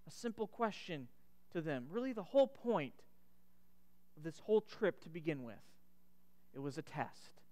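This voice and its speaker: A man preaching a sermon, retelling a story dramatically and sometimes dropping to a hush. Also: very high-pitched, smooth. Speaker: pastor. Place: church sanctuary. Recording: church sanctuary with long reverb.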